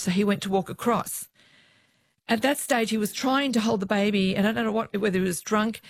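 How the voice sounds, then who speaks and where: A woman, a former police officer, telling lively stories about her work in an interview. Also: mid-range voice, no echo. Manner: lively storyteller who acts out the voices of others.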